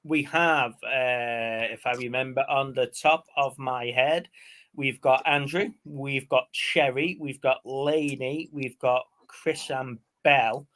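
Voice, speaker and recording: A man's voice: mid-range voice, fairly even intonation, takes it slowly, a bit bright. A man, co-hosting a live stream in casual, rambling chat full of fillers and stories. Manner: chatty, rambling storyteller with frequent fillers. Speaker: co-host of a movie live stream.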